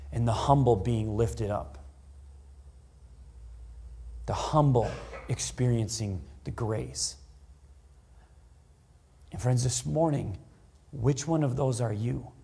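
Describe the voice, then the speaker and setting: A man preaching a sermon as pastor, dramatic, swinging from loud to hushed delivery. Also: medium pitch, creaky, slightly rough. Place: church.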